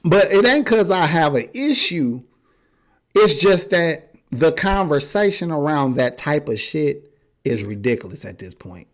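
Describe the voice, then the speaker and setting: Animated, blunt, profane male podcaster. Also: fairly high pitch, unhurried. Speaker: podcast co-host. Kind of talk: casual chat.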